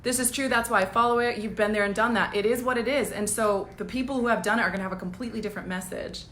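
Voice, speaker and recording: A woman business coach giving a casual live-streamed pep talk, energetic and blunt, laughing often and swearing casually. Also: medium pitch, very fast, echoey room, a little hiss or hum.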